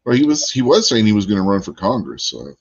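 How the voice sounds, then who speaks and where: Deep-voiced man chuckling through podcast banter. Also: sing-song, fast, slightly rough, no room sound, dull audio. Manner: chuckling, anecdotal, addresses viewers. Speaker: podcast co-host. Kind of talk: casual podcast chat.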